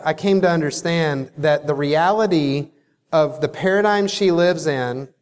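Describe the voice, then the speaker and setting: A man delivers a motivational keynote as a company leader. He tells the story in an animated way and acts out the dialogue, in a voice a little higher than most men's. The sound carries a long hall echo. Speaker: company CEO giving a keynote. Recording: echoey hall reverb.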